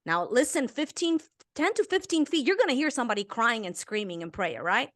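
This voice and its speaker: A woman in her fifties from Romania, a guest author telling a personal story in an interview, earnest and emotional, swelling and dropping to a hush. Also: fairly high pitch, very animated, a little fast. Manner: earnest and emotional, with intense swells and hushed drops.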